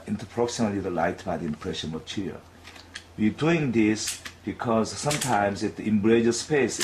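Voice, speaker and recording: A man's voice: lowish voice, a little mellow, slight background noise. Man teaching dental technique. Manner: halting, with frequent fillers and restarts. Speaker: dental instructor. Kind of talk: clinical demonstration lesson.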